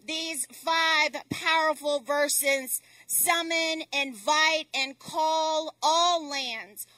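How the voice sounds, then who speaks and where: Slow, bright-voiced woman preaching. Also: high voice, fairly even intonation, no echo, distant mic. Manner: deliberate, emphatic delivery with dramatic pauses. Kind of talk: sermon.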